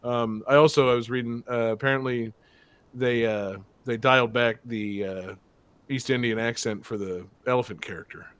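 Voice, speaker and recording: A man's voice: medium pitch, steady tone, normal speed, fairly bright tone, smooth. A man hosting a game show podcast, chatting casually with lots of fillers, jokey asides and swearing.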